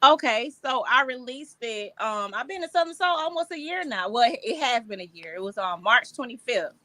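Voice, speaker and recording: A woman's voice: a little high, expressive, normal speed, sharp tone, dry recording. Chatty woman singer in a casual interview. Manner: chatty, laughs easily, restarts phrases. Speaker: southern soul singer and songwriter.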